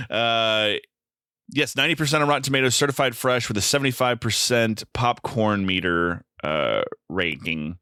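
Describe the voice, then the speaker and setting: A man's voice: medium pitch, measured pace, long pauses, bright, forceful tone, smooth, no room sound. A man co-hosting a podcast, chatting casually about a film in a dry, wry, joking way with plenty of ums. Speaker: podcast co-host. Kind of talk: casual film-review chat.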